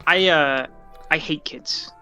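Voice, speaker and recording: A man with a slightly high, bright voice joins in the chatter at a game table. He teases the others with a dry edge. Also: slow pace, soft background music. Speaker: player. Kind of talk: casual chat at a game table.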